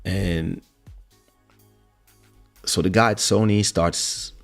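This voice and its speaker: A middle-aged man hosting a podcast, telling a story in a casual, animated way with laughs as he acts out quotes. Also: low-pitched, drawn-out words, faint music behind. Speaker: podcast host.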